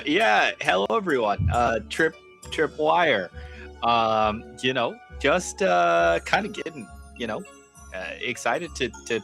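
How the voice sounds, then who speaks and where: A man's voice: medium pitch, vocal fry, a bit bright. A man voicing an eager, somewhat awkward young American traveler in a tabletop game, hesitant with many fillers. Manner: hesitant, filler-heavy, upbeat.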